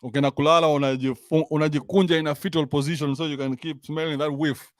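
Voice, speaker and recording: Fast and fairly high-pitched, this man speaks with a Kenyan accent and a mostly even intonation, recorded clean in a studio with no echo. He's a commentary show host delivering a crude, mocking comic rant that flips between English and slang.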